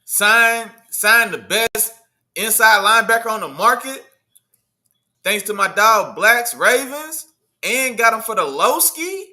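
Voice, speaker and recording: A man hosting a casual sports livestream, talking in loose slang, riffing and answering his chat in an animated way. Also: sits high, slow. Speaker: livestream host.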